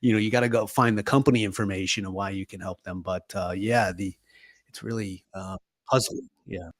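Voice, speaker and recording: Low-voiced man on a podcast, chatty. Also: steady tone, fairly quick, dry recording, studio quality. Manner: laughing storyteller. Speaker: podcast co-host. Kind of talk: casual chat.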